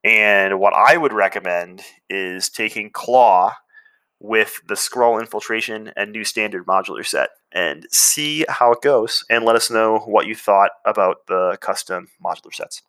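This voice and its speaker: A man co-hosts a podcast in a relaxed, chatty way, with a few fillers. His voice sits somewhat low but sounds bright and forceful. The recording is dry and close. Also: measured pace, clear, resonant tone, dry recording. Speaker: podcast co-host. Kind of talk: casual chat.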